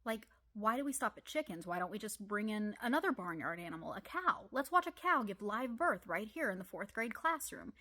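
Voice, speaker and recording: A woman with an Ozarks accent telling comic personal stories, animated with deadpan asides. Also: medium pitch, brisk, hardly any pauses. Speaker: storyteller. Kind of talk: comedic personal storytelling.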